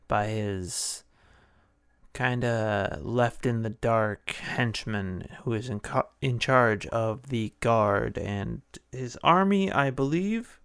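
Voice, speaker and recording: Slow, gravelly man recapping a film. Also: medium pitch, no echo, clean studio sound. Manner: playful, jokey. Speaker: podcast host. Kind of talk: casual film recap podcast.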